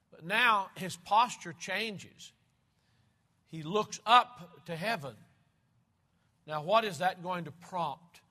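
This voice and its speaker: A man's voice: fairly high pitch, bright, forceful tone. An older man preaching a sermon, opening with an earnest prayer and then teaching from scripture with emphatic delivery.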